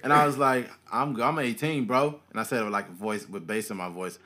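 Talking fast in a lowish voice, this young podcast co-host keeps things casual, bringing his stories to life by performing the quotes and characters in them.

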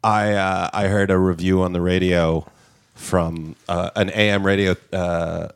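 Man, lowish voice, wry producer chatting on a podcast. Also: flat delivery, unhurried, clear, resonant tone. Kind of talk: casual chat.

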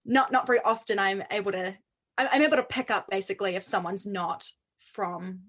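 A woman's voice: mid-range voice, fairly even intonation, a little fast, fairly bright tone, slightly rough. A young woman with a New Zealand accent, a musical theatre performer chatting as an interview guest, filling her talk with likes and ums. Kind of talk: casual interview chat.

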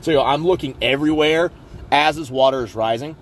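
A man's voice: on the high side, quick pace, a little hiss or hum. A young man from Southwest Virginia with a Southern accent, telling a rambling, self-mocking story as a podcast host, full of ums and uhs. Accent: Southern American. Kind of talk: casual storytelling.

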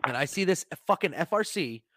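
A man hosting a podcast, telling a swearing, animated story in casual chat. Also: on the high side, a little fast, no room sound. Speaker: podcast host.

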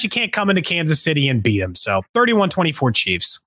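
A man hosting a sports podcast, chatting casually and animatedly in quick bursts. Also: fairly high pitch, huge pitch swings, bright, forceful tone.

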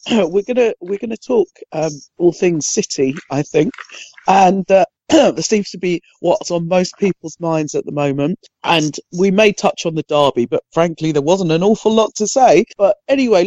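Croaky woman hosting a podcast. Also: lowish voice, dark tone, no echo, muffled recording. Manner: hesitant, restarting phrases. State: croaky voice from a cold. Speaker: podcast host. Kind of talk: casual chat.

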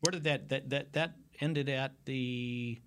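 A man's voice: medium pitch, fairly even intonation, slow, fairly bright tone, smooth. A man analyzing football on a talk show, emphatic and pressing his point with rhetorical questions. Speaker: sports radio analyst. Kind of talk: casual sports talk.

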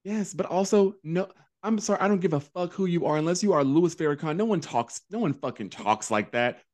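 A man's voice: on the high side, animated, fairly quick, darkish tone. A man who is a guest on a podcast, giving opinionated, sarcastic takes in casual chat with frequent swearing.

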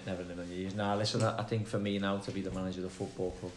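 A man with a Liverpool accent chats easily as an interview guest, wandering through his answers. His voice sits a little low. The room around him is noticeably echoey. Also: little pitch movement, racing, crowd noise. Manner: chatty, rambling answers. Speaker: football manager, guest. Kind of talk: casual interview chat.

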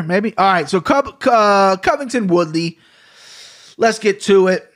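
A man's voice: high voice, lively intonation, moderate pace. A man hosting a solo podcast in a casual, rambling way, swearing freely and often tacking "right?" onto his points. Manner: rambling, profane, keeps adding "right?". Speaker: podcast host.

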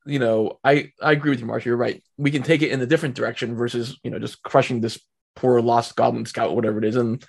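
A man with a gravelly, slightly husky voice chats in an easygoing way. He explains his points with examples and often chuckles along. He sounds like a relaxed co-host in a casual conversation. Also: medium pitch, quick pace. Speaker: podcast co-host. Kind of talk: casual chat.

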